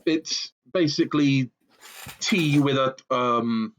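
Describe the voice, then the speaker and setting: A man's voice: medium pitch, slow pace, a little hiss or hum. A man from Bristol, a streamer, explaining things with hesitant fillers in casual banter. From Bristol, England.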